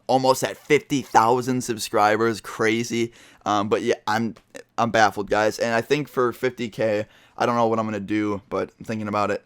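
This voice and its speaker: A man's voice: lowish voice, fairly bright tone, clear, resonant tone, dry recording. A teenage boy vlogging a storytime, talking casually with lots of fillers and swearing. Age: teens. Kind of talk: storytime vlog.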